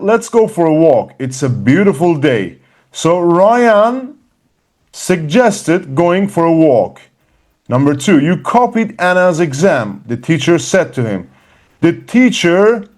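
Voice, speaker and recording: A man teaching an English lesson, slow and patient, encouraging his students. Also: fairly high pitch, darkish tone. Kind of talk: classroom lesson.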